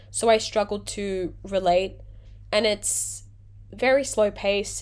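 Sounding tired and under the weather, an Australian podcast host rambles through her solo show with jokes at her own expense. Her voice is mid-range and a touch mellow.

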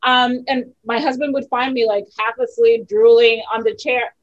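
A woman in her thirties hosting a casual talk, sharing frank stories as a mother, animated and quick to laugh. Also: a little high, muffled recording. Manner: candid, animated storyteller who laughs easily. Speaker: host. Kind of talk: casual podcast chat.

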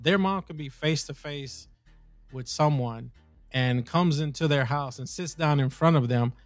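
A man's voice: on the high side, unhurried, dry recording, faint music behind. Rambling man in a dry close recording. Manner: rambling, animated when indignant. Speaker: podcast host. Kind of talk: casual conversation.

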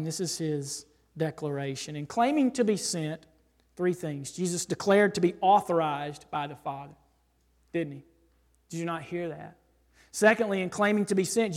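A male pastor preaching a sermon and reading scripture aloud, emphatic, swinging from loud declarations to hushed asides. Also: high-pitched. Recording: long hall reverb.

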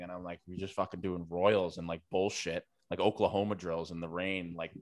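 A man's voice: normal speed, few pauses. A young man co-hosting a podcast, telling stories in casual chat, swearing freely and acting out quotes. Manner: animated, swears freely, acts out quotes with rising pitch. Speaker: podcast co-host.

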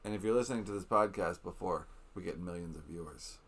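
A man's voice: deep voice, fast, breathy edge. A man co-hosting a podcast, griping sarcastically and cursing in casual chat. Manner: sarcastic, profane ranting. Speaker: podcast co-host.

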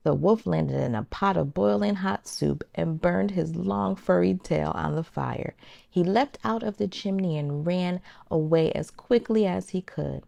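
A woman hosting a children's circle time, gently and expressively reading a storybook aloud to toddlers. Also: fairly low pitch, measured pace, creaky, no echo.

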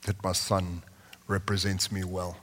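A man's voice: deep voice, level tone, a little slow. Preaching man in a big echoing hall. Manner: impassioned preaching, drops to soft prayerful tones. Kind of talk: sermon. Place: large church hall with congregation. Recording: long reverb of a large hall.

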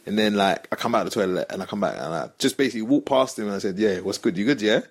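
A young podcast host with a lowish, husky voice tells a story in a casual chat, rapid-fire and animated, doing the voices of the people involved.

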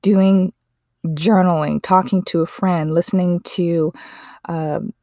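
A woman with a slightly low voice hosts her podcast in an earnest, heartfelt manner. She often stops to correct herself mid-sentence. The sound is dry and close. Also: fairly even intonation, slow, warm tone, no echo. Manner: earnest, emotional, self-correcting. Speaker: podcast host. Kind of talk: casual podcast monologue.

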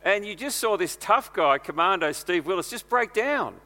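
High, bright-voiced preacher. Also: male voice, expressive, normal speed, long reverb tail. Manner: conversational, earnest preaching with personal anecdotes. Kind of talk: sermon.

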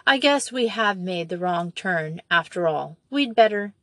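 A woman's voice: on the low side, expressive, unhurried, a bit bright, dry recording. A woman voicing a brave but scared young girl who speaks urgently and tries to sound firm. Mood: anxious, urgent.

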